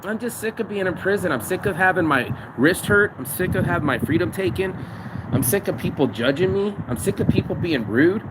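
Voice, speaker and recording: A man's voice: high voice, animated, brisk. A man ranting and telling stories with heavy swearing, recording himself on his phone out in the city. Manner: profane, venting, storytelling. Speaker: vlogger. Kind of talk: outdoor rant vlog. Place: outdoors in a city. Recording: noisy outdoor street recording. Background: traffic and street noise.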